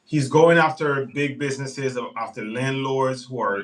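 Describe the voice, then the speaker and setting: A man's voice: medium pitch, normal speed, far from the mic, low-quality recording. A male livestream host chatting casually, reading out viewer comments and rambling with restarts. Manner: reads chat comments aloud and rambles on politics.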